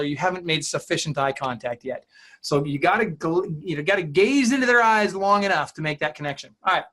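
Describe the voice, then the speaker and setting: A man's voice: a little high, fairly bright tone. A man coaching real estate agents in an interview, talking emphatically and acting out client dialogue.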